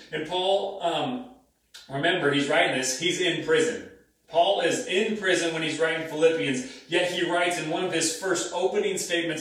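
A man in his thirties preaches in a relaxed, conversational way, repeating his key phrases to drive them home. His voice sits a little high for a man. It rings around a very echoey church hall, picked up from some distance away. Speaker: pastor. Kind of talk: sermon. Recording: very echoey room, mic at a distance.

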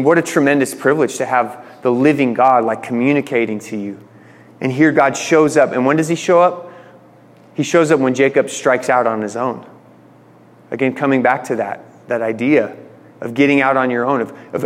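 A man's voice: mid-range voice, big-room sound. A man preaching a sermon in a conversational way, retelling stories with voiced quotes. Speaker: pastor.

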